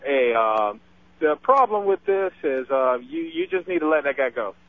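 A man's voice: mid-range voice, very animated, moderate pace, dry recording. A man calling in to a radio show, giving firm, earnest advice. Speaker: caller. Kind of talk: call-in advice. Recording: tinny phone line on radio.

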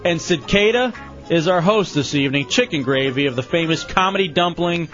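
A man hosting a radio show in casual, animated banter, quick to tease and laugh. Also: on the high side. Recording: dull lo-fi radio recording with faint music.

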